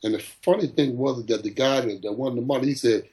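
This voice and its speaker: A man's voice: mid-range voice, fairly quick, warm tone, poor audio. A middle-aged man, a boxing trainer, telling stories in an interview and acting out the people he quotes. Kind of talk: storytelling in an interview.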